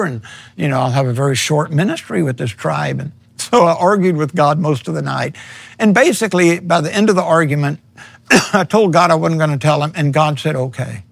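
Middle-aged male preacher, raspy gravelly voice, slightly higher pitch, earnest storyteller. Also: fairly quick, dry recording. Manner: earnest storytelling, acts out his own quotes louder. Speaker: missionary preacher. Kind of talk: personal testimony in an interview.

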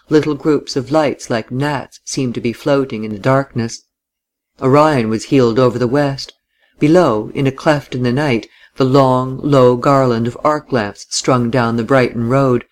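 Man with a measured novel-reading voice. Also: mid-range voice. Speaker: audiobook narrator. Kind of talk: scripted narration of a classic novel.

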